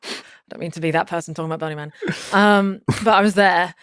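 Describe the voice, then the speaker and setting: A woman's voice: lowish voice, steady tone, fast talker, a bit bright, smooth, no echo, studio quality. A woman talking as a podcast guest, telling a personal story casually and rambling with lots of "like" fillers and restarts.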